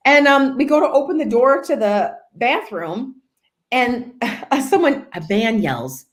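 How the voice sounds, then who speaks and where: A woman's high-sitting voice moves slowly as she shares a comic story from her days as a real estate agent. Speaking casually on a podcast, she animatedly acts out each person's lines.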